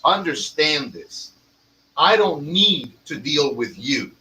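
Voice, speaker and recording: A man's voice: on the high side, sing-song, slow, sharp tone, a little hiss or hum, low-quality recording. A man who owns a cigar lounge, telling stories in a profane, emphatic podcast rant. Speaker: cigar lounge owner and tobacconist.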